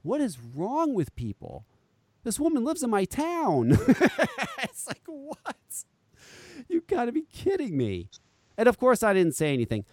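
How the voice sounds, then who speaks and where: A man's voice: very high-pitched, huge pitch swings, measured pace, a little mellow, no room sound. A man in his forties hosting a podcast, ranting in a profane, exasperated way in talk-radio commentary. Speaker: podcast host.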